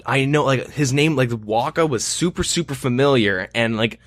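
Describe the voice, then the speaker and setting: A man's voice: mid-range voice, normal speed, no room sound. A young man co-hosting a podcast, telling a long story in casual chat, rambling with lots of fillers and frequent swearing. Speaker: podcast co-host.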